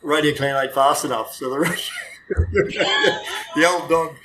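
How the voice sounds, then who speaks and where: Against a noisy background, a retired Australian police dog handler, now an older man, chats casually through meandering, self-correcting stories full of swearing. He speaks with a fairly high pitch, a steady tone, and an unhurried pace.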